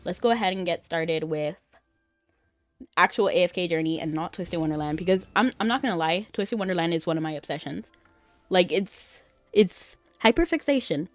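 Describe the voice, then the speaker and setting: A woman chatting casually as a gaming streamer, excitable and rambling, often giggling. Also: on the low side, normal speed, no room sound, faint music behind.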